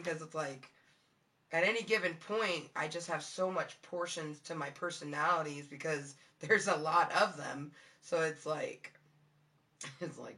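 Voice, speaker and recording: Bright-voiced, rambling woman streamer. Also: measured pace. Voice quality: low-toned for a woman. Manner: rambling, profane, giggly, many fillers. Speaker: live streamer. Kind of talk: casual live-stream chat with viewers.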